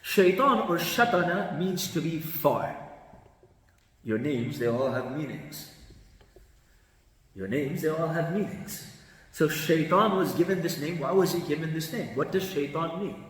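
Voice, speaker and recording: A man, a mufti, giving a lively religious lesson, shifting his tone with the meaning and chanting Arabic passages quickly. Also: on the high side. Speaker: mufti teaching Quran commentary. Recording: echoey hall from a distant mic.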